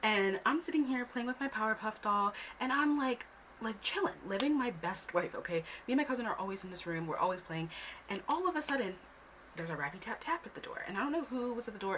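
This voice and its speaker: Woman, casual storytime vlog, animated, swearing, occasional whispers, to camera. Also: mid-range voice, quick pace, a little hiss or hum.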